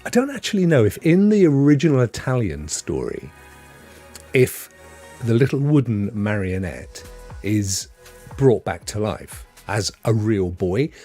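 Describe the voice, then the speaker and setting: A man's voice: lowish voice, very animated, measured pace, warm tone, faint music behind. A British man hosting a casual live-stream about gaming, chatty and rambling, reading the chat aloud and laughing often. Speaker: gaming show host.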